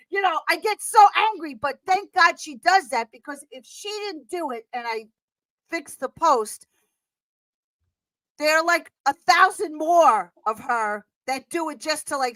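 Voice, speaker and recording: A middle-aged woman with a thick New York accent talks in a high voice. She rambles along in animated casual chat, full of fillers. Her voice sounds dry and close. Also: no echo, low-quality recording. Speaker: guest.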